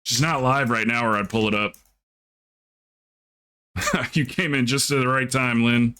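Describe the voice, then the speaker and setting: A man's voice: mid-range voice, fairly even intonation, a little slow, pushed and bright, smooth. A young man livestreaming, chatting casually and rambling through a story while acting out the people in it. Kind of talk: casual stream chat.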